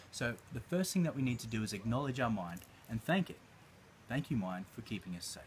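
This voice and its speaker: A man's voice: fairly low pitch, slight background noise. A man coaching, telling a story and speaking directly to listeners in an emphatic way. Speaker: life coach. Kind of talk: motivational coaching talk.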